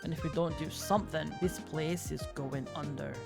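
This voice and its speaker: A woman's voice: low voice, fairly even intonation, normal speed, gravelly, music in the background. A woman reading aloud the lines of a worried male boss who pleads earnestly for his staff to catch a thief. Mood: urgent. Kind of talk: reading game dialogue aloud.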